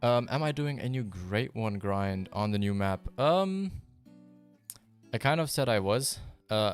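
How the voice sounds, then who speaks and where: A man whose first language is German, chatting casually with viewers on a live stream in a fairly monotone, rambling way full of fillers. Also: lowish voice. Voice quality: fairly monotone, even delivery. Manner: relaxed, rambling, with many fillers and restarts.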